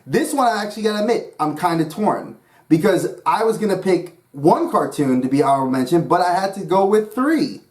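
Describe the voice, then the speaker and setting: Talking about cartoons on his own YouTube channel, the New Yorker sounds high, sing-song and slightly mellow, moving at a somewhat quick pace. His casual vlog delivery is rambling and full of enthusiasm.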